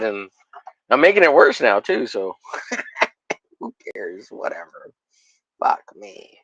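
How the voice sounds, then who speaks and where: A man's voice: medium pitch, very animated, slow, creaky, long pauses, fairly bright tone, no room sound, lo-fi sound. A man hosting a livestream in casual chat, rambling and swearing, with mock-angry jokes. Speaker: livestream host.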